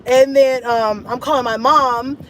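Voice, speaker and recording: A woman vlogger telling a casual story in an animated, dramatic way, acting out her own thoughts. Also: high voice, unhurried, a little hiss or hum, poor audio. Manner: animated, dramatic retelling with laughs and voiced-out inner thoughts. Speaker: mom vlogger.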